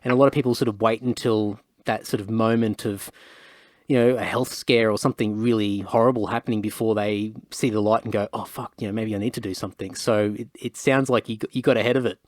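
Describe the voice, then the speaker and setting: A man's voice: lowish voice, fairly even intonation, brisk, no echo, clean studio sound. An Australian man hosting a podcast, talking in a rambling, conversational way with many fillers. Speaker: podcast host. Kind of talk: casual chat.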